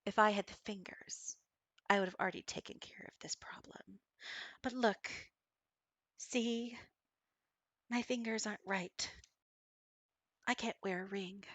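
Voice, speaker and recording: A woman's voice: steady tone, fairly bright tone, no echo. Woman doing a wary, weary mother cat. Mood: dry. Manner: low, measured, suspicious.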